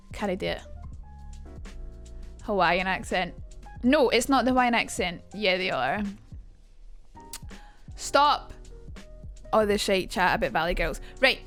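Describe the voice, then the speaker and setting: A woman's voice: medium pitch, animated, slow, long pauses, fairly bright tone, faint music behind. A young Scottish woman on a casual live stream, chatting and swearing freely as she talks to her chat about accents.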